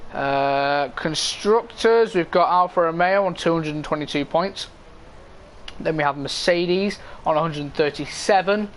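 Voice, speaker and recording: A man's voice: fairly high pitch, moderate pace, a bit bright, slight background noise. A man commentating live on an online racing league, casually reading standings and chatting with viewers. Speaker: esports race commentator.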